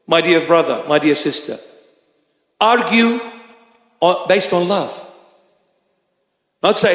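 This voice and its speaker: A man preaching as bishop in a church, impassioned, acting out little scenes and rising to shouts. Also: sits high, expressive, takes it slowly, pauses often. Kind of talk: sermon. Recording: echoey hall reverb.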